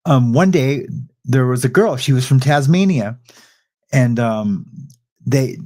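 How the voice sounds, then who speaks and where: In a mid-range, dark voice with lively intonation, a middle-aged man speaks slowly as he hosts a livestream. His loose chat with the audience turns into a meandering story, with many restarts and asides.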